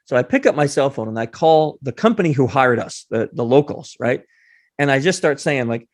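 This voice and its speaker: Man telling a lively story, dry sound. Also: mid-range voice, a little fast, dry recording. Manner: lively anecdote teller acting out the people in his story. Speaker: guest. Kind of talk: animated storytelling.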